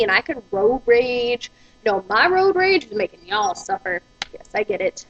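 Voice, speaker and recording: A woman's voice: a little high, big pitch swings, normal speed, muffled recording. A woman, ranting profanely and with exasperation in a vlog. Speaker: vlogger.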